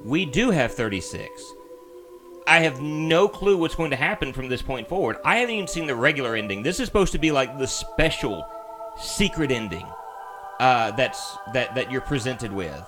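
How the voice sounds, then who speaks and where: A man's voice: mid-range voice, sing-song, normal speed, music in the background. A man streaming a video game, chatting casually and mocking himself as he thinks aloud. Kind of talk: casual let's-play commentary.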